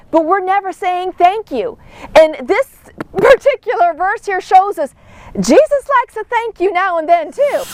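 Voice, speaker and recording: Very high-voiced woman teaching a devotional. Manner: earnest, animated, acts out quoted voices.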